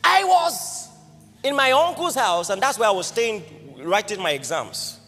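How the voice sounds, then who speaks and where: A man with a Nigerian accent preaches a storytelling sermon, recounting a personal story in a lively, anecdotal way and firing many rhetorical questions at the congregation. His voice is high-pitched and unhurried. The hall is reverberant, with faint music in the background.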